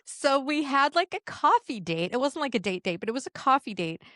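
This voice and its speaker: A woman in her thirties co-hosting a podcast, telling a long story quickly and with animation, acting out the quoted voices. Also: high-pitched, no echo, clean studio sound. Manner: fast, animated storyteller who acts out quotes. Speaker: podcast co-host. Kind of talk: casual chat, animated storytelling.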